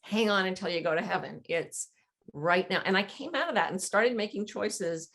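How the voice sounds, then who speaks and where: A woman's voice: medium pitch, expressive, normal speed, a bit bright. A middle-aged woman, a guest author, earnestly telling a personal story in conversation, acting out quoted dialogue.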